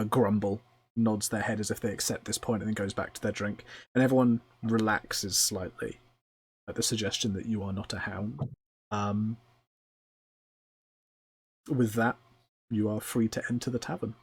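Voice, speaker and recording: Man, game master, tabletop narration, lowish voice, husky. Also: steady tone, normal speed, pauses often, no room sound. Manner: descriptive, many ums.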